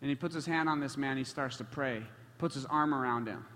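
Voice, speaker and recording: A man's voice: mid-range voice, a little fast, fairly bright tone. A man preaching a sermon in a passionate way, with frequent surges in volume. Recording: echoey hall.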